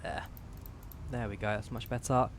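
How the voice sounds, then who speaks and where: A man from the UK giving relaxed, chatty commentary while flying a flight simulator, explaining each menu as he clicks through it on a headset mic. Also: fairly low pitch, moderate pace, noisy background. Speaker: flight sim streamer. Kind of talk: casual gameplay commentary.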